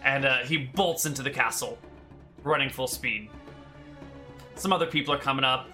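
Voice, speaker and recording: A man's voice: mid-range voice, normal speed, pushed and bright, soft background music. A man narrating a tabletop game as game master in a casual, rambling way with many fillers.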